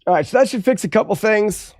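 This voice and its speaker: A man casually thinking aloud while working on his game, halting, self-correcting, and musing. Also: high-pitched, animated, a little mellow. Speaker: game developer streaming his work.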